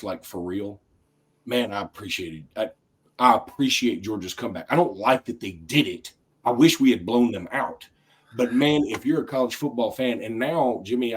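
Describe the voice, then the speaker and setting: A man hosting a casual sports podcast. His voice is husky and a little breathy, at a middle pitch. He tells stories with animated energy. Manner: animated storyteller, voices in quotes. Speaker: podcast host.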